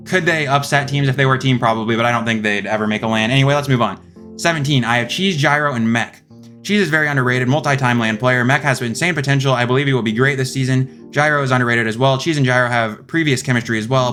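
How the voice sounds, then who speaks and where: A young man talks quickly through his rankings in a loose, rambling way, stopping to correct himself mid-thought. His pitch sits in the middle range for a man. Faint guitar music plays under his voice. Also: a bit bright. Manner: rambling, thinks aloud with many self-corrections. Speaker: esports video host. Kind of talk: casual commentary ranking rosters.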